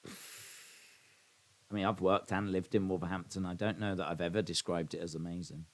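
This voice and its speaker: A man's voice: deep voice, little pitch movement, normal speed. A man hosting a live watch-along stream. He reads chat messages aloud and rambles in a self-deprecating way.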